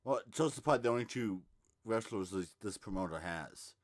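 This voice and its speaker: A man's voice: fairly low pitch, animated, a little fast. A man co-hosting a comic book podcast in casual chat, tossing in dry wisecracks. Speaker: podcast co-host.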